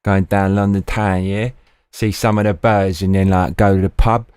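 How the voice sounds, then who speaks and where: A man's voice: low voice, flat delivery, normal speed, a little mellow, smooth, dry recording, studio quality, close to an everyday voice. A man putting on a cheeky bloke. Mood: jokey. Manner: jokey, slangy banter. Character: cheeky Cockney bloke on a London outing.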